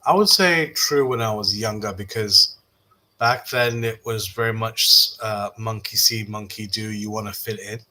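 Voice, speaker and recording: Bright-voiced man telling stories casually. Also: on the low side, moderate pace, low-quality recording. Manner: relaxed storyteller, fillers and repeated starts. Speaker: podcast guest. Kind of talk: casual chat.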